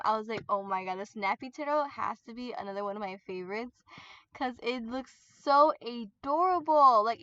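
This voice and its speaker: Giggly, excitable woman gaming YouTuber. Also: on the high side, dry recording, muffled recording. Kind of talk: casual gameplay commentary.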